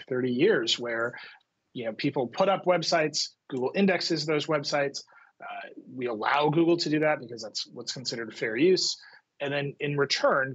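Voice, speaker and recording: A man's voice: on the high side, fairly bright tone. A man guest explaining in a remote news interview, fluent and analytic with frequent filler uhs, over a video link. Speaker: interview guest, tech editor. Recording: husky, dull remote audio.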